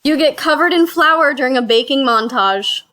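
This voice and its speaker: A woman's voice: sits high, lively intonation, moderate pace, sharp tone. A woman hosting a casual board game play-through, reading cards and counting spaces aloud with chatty asides. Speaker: host.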